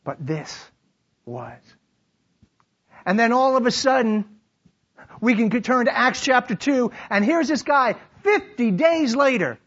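A man preaching a sermon, animated, acting out quoted lines and dropping to a hushed tone to reflect. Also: extremely high pitch, slow, pauses often. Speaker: pastor. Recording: dull lo-fi sermon recording.

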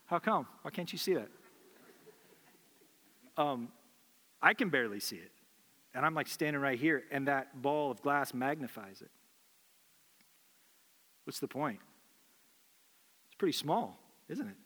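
Earnest pastor preaching in a reverberant hall. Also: male voice, medium pitch, animated, measured pace, pauses often, sharp tone. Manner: earnest, repeats phrases for emphasis. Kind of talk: sermon.

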